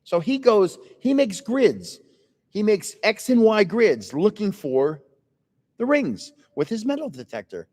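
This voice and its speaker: The older man hosting this relaxed livestream tells meandering, chatty stories from indoors in a building with another floor. His high voice swings widely in pitch, stays unhurried and a little mellow, and carries a big-room sound.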